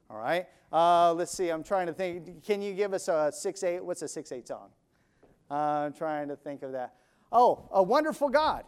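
A man's voice: high voice, animated, measured pace, darkish tone. A man preaching a sermon, emphatic, asking and answering his own questions and counting out beats. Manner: counts beats and sings snatches of songs.

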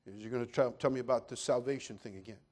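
A man's voice: mid-range voice, fast talker, a little mellow, natural voice. A male pastor voicing a young, blunt and stubborn skeptical lawyer in a retold sermon story. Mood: dismissive. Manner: blunt, dismissive.

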